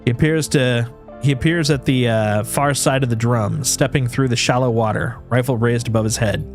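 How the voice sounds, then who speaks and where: A man's voice: mid-range voice, steady tone, normal speed, soft background music. A man streaming, reading a video game's story aloud in second person, often restarting his phrases.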